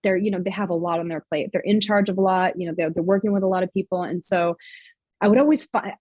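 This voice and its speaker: A woman's voice: fairly low pitch, fast, darkish tone, breathy edge, no room sound, dull audio. A woman fitness coach, a guest in a podcast interview, explaining her methods earnestly with many fillers and restarts.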